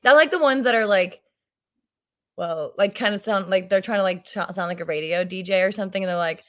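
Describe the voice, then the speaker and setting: A woman's voice: medium pitch, a little fast, fairly bright tone. A woman in her thirties chatting as a podcast guest. She rambles, stumbles over her own sentences and laughs often as she talks. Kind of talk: casual chat.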